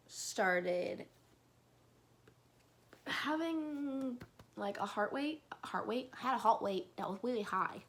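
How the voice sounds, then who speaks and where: A woman's voice: mid-range voice, gravelly. A young woman telling a personal story in a casual, rambling vlog, now and then dropping to a whisper. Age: young adult. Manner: slow, rambling, drops into whispers and laughs.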